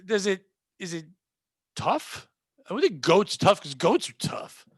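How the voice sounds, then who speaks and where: A man's voice: high voice, sing-song, measured pace, breathy edge, dry recording, clean studio sound. A man hosting a comedy podcast, chatting casually and joking with big swoops up into exclaims. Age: adult. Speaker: podcast host.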